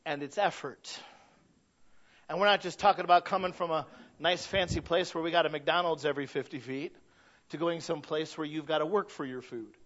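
On a dull, lo-fi recording, a middle-aged pastor from Michigan gives a sermon at a quick pace in a high voice with fairly even intonation. He addresses the congregation conversationally, dropping to quiet asides and then building to loud, emphatic peaks.

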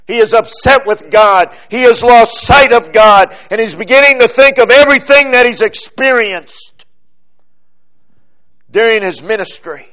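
A man delivers a sermon in a fairly high voice. He speaks slowly and deliberately, pausing for effect and letting his phrases drop off at the end. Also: fairly bright tone. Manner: slow, deliberate preaching with dramatic pauses and falling phrase ends. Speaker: preacher.

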